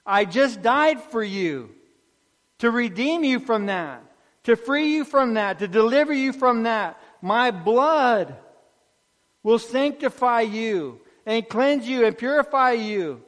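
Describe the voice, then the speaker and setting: A man's voice: extremely high pitch, animated, slow pace, fairly bright tone, in a large hall, voice pushed up, heavily acted. A man preaching who voices Jesus as a pleading, wounded male savior, in an impassioned and reproachful tone.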